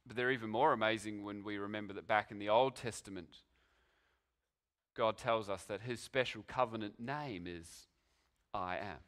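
A man's voice: on the low side, normal speed, fairly bright tone. A man preaching a sermon, telling it as a story with dramatic rhetorical questions. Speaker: pastor.

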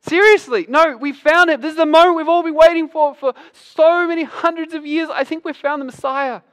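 A man voicing an overjoyed young male disciple, breathless and loud. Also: fairly quick. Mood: elated. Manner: excited, high-pitched and loud.

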